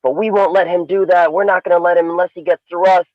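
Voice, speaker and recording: A man's voice: high voice, flat delivery, fast, dry recording, dull audio, pitched above the performer's own voice, lightly acted. A man voicing a group of eager young kung fu students who plead and protest in raised voices.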